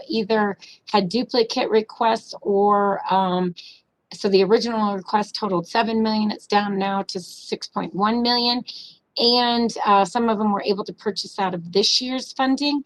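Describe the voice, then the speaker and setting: A woman presenting budget figures to county commissioners at a public meeting, businesslike, hurried, with frequent ums and uhs. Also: medium pitch, poor audio.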